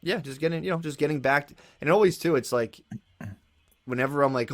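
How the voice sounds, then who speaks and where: Fast-talking, rambling man telling a story. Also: medium pitch. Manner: rapid, rambling storyteller who acts out his own thoughts; casual swearing, calls listener "dude". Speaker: podcast guest. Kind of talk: casual conversation.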